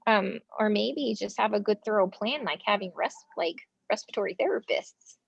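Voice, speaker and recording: An animated American woman, a front-line nurse being interviewed, tells stories in a gravelly, husky, mid-range voice at normal speed. She acts out quoted lines and uses plenty of fillers in her casual speech, and the dull lo-fi recording has no room sound.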